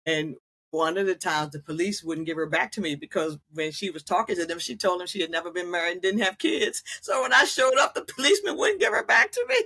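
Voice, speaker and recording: A woman in her sixties, a guest on an interview show, telling caregiving stories in a lively way, acting out other people's voices and laughing often. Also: fairly low pitch, fairly quick. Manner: animated storyteller who acts out quoted voices and laughs often. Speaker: guest, author and former caregiver. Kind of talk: storytelling interview.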